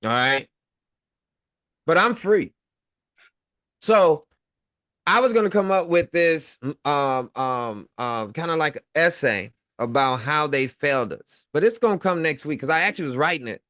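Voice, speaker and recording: A man's voice: on the high side, lively intonation, unhurried, a bit bright, no echo, studio quality. A man co-hosting a casual online talk show, talking in a rambling way with lots of fillers and chuckles. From Midwest United States. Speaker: co-host. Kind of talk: casual livestream chat.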